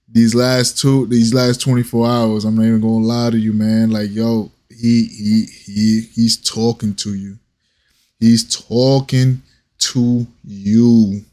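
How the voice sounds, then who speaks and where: Excitable man reacting, full of slang. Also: on the low side. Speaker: reaction video host. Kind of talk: casual reaction commentary.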